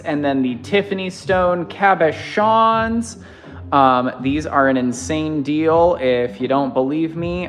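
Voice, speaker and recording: Unhurried gushy crystal seller on a live stream, jokey sales chat, a little music behind. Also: medium pitch. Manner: gushing, chatty, jokey sales patter.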